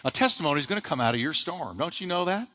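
A male pastor delivers a live sermon with a bright, forceful tone. His voice swings widely in pitch and rises in emphatic bursts over repeated refrains. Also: lively intonation, fast talker. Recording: live church sermon audio.

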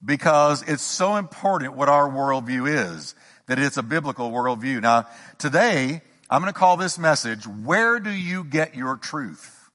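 A man's voice: mid-range voice, animated, unhurried, fairly bright tone. A male pastor preaching a sermon, emphatic, with rising repeated questions. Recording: long hall reverb.

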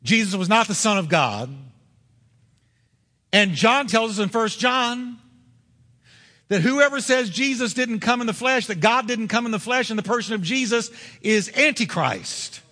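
A man preaching a sermon as pastor, driving points home with repetition and slowing down on key words. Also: high voice, animated, pushed and bright, in a large hall.

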